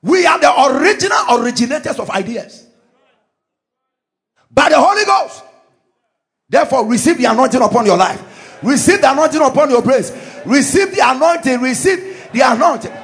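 A fervent pastor preaching a charismatic sermon, his high voice leaping up and down as he shouts decrees. He is a man who drives every declaration with loud, rising conviction and very lively pitch. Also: moderate pace, pauses often.

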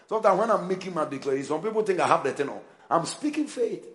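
A pastor preaching with lively, swooping intonation and a slightly high voice. He hammers his points with repetition and calls on the congregation to answer him. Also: fast. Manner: emphatic preaching with call-and-response and repeated phrases. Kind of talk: sermon.

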